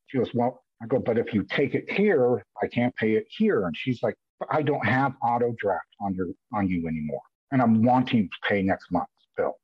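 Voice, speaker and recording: Male podcast guest, husky voice, dull dry recording; emotional, restart-heavy storytelling. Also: on the low side, moderate pace, few pauses, dry recording. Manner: emotional, animated retelling with repeated restarts. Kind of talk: candid conversational storytelling. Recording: dull lo-fi audio.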